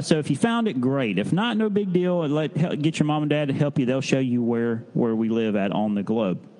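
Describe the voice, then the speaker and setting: A man's voice: medium pitch, warm tone. Man giving a folksy children's sermon. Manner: folksy and halting, with frequent restarts, coaxing kids to respond. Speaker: children's time leader. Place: church service.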